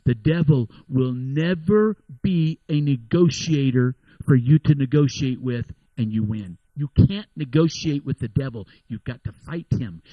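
A man preaching a sermon, telling stories and building to loud, emphatic exhortation. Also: mid-range voice, no echo, muffled recording.

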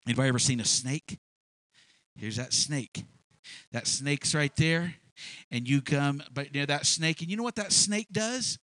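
A man preaching a sermon as pastor, animated and folksy, acting out animals as he makes his points. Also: fairly high pitch, a little slow, no room sound. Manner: animated preaching with sound effects.

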